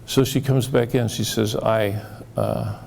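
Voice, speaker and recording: Male therapist, very gravelly low voice, mellow tone; halting storyteller, acts out dialogue. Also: steady tone, slight background noise. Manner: halting, repeats words, acts out quoted dialogue. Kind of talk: storytelling talk.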